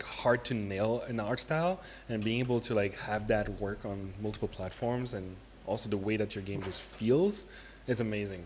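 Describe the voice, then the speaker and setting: A man's voice: on the low side, slight background noise. An upbeat, chatty man hosting a casual livestream conversation with guests at a convention. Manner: upbeat, chatty, reads out chat messages. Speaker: livestream host. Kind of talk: casual chat. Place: convention venue.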